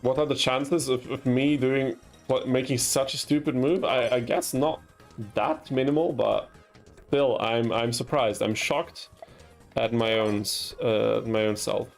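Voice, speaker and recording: Young male streamer, gravelly, chatty, laughs at his own blunders. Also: mid-range voice, steady tone, unhurried, faint music behind. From Austria. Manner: chatty, laughs at himself, yelps in frustration. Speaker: gaming streamer. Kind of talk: casual gameplay commentary with chat.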